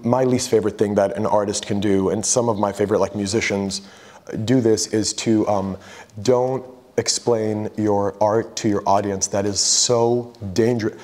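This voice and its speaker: A man's voice: fairly low pitch, mellow. A man giving an artist talk about his photographs, chatting loosely and retelling conversations with lots of "like". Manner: loose and chatty, full of "like" and retold dialogue. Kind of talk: casual talk to a gallery audience. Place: gallery hall. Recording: long reverb of a gallery hall.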